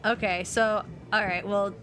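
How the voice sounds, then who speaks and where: A young woman streaming a video game who comments in an excitable, chatty way and talks to her chat. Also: mid-range voice, measured pace, soft background music. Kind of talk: casual live-stream commentary.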